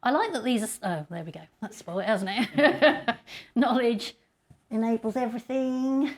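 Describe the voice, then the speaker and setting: A woman's voice: a little high, moderate pace. A middle-aged woman giving a chatty, self-deprecating conference talk and laughing often. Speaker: conference speaker.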